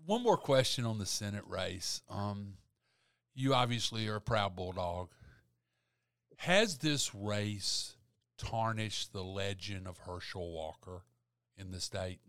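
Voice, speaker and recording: A man's voice: on the low side, slow pace, no room sound, clean studio sound. A man hosting an interview show and trading anecdotes with his guest in a chatty, storytelling way. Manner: chatty storyteller, animated when telling anecdotes. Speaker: show host, reporter. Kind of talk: conversational interview.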